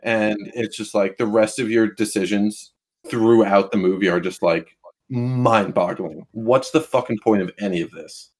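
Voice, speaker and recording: A man's voice: fairly low pitch, unhurried, darkish tone. A man co-hosting a casual film chat, ranting in an exasperated, profane way.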